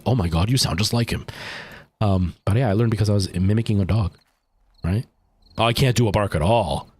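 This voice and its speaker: Chatty low-voiced male streamer. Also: a little mellow, slightly rough, no echo. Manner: rambling, chatty, talks to chat while playing. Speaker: livestreamer. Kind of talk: casual gameplay stream chat.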